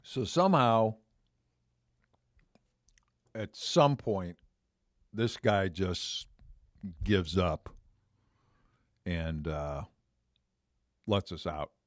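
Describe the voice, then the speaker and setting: Older male podcast host around seventy, unhurried and rambling, repeats himself while spinning a personal yarn. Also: sits low, dry recording, studio quality. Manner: rambling, repeats phrases and circles back mid-story. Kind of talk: casual storytelling monologue.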